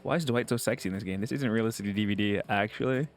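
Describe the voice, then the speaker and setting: Low, gravelly man streaming a game. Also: fast, faint music behind. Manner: joking, crude asides, chatting with viewers. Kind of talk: reading a visual novel aloud with commentary.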